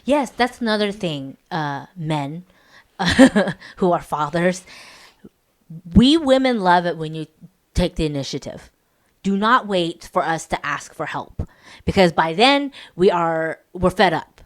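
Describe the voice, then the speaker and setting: A woman's voice: on the low side, expressive, slow pace. A woman co-hosting a casual podcast, talking candidly with lots of fillers. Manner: candid, acts out quoted voices, many fillers. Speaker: podcast co-host. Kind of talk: casual chat.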